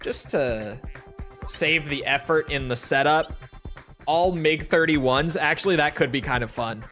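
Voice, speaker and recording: A man's voice: fairly high pitch, unhurried, soft background music. Laid-back young man streaming a game. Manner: relaxed, rambling, frequent "like" fillers, occasional swearing. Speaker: gaming streamer. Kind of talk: casual gameplay commentary to a live chat.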